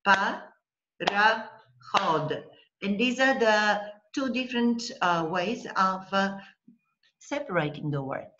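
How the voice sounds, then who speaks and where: A woman teaching a language lesson online, patient and deliberate, breaking words into syllables and checking in with the student. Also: medium pitch, fairly bright tone, dull audio, slight background noise. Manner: patient, slow, spells out syllables and checks with "okay?".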